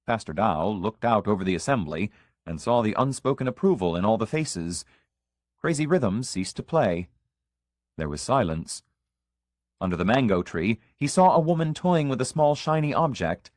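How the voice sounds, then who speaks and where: A man narrating an audiobook of short stories in an expressive storytelling manner. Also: lowish voice, normal speed, no room sound, clean studio sound.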